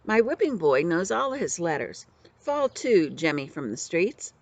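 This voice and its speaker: A woman's voice: lowish voice, very animated, measured pace, exaggerated voice. A woman voicing a spoiled, haughty boy prince in a storybook reading, whining and giving orders. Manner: whiny and imperious.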